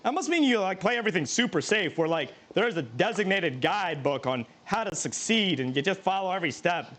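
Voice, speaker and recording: A man's voice: high voice, very animated, brisk, fairly bright tone. A man who streams himself cooking, chatting casually in a rambling, self-mocking way and laughing often. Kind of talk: casual live-stream chat while cooking.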